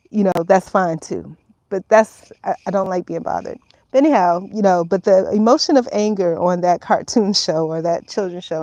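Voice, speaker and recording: A frank woman in her fifties chats casually at home in a middle-pitched voice. She rambles from thought to thought, laughs easily and swears without fuss. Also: warm tone, no room sound, rough recording. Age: 50s. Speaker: vlogger. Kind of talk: casual talk to camera. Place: at home, indoors.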